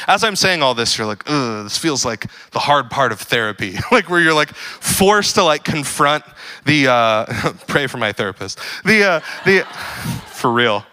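A young adult man preaching a casual sermon, joking and full of fillers, building to animated emphasis. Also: medium pitch. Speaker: pastor.

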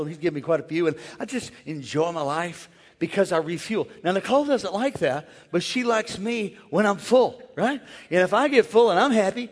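A man who is a pastor, preaching a lively sermon and calling out to the congregation to join in. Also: sits high. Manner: energetic, playful call-and-response with the crowd. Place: large church. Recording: long church hall reverb.

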